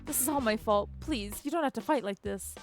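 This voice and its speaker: A woman's voice: fairly high pitch, brisk, soft background music, lightly acted. A woman reading lines as a nervous young male detective who stammers and gets flustered. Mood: apologetic.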